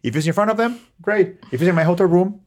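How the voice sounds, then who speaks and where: A middle-aged Mexican man with a Mexican accent, a podcast guest who tells animated stories, acting out quotes and swearing freely. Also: fast talker. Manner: expressive, acts out quotes with big pitch swings, swears freely. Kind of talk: animated storytelling in conversation.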